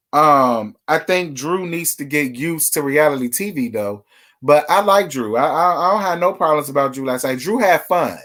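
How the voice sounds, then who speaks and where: On a casual livestream dishing reality TV gossip, a male host with a fairly high, fairly bright voice keeps things sassy and chatty. He speaks straight to his viewers.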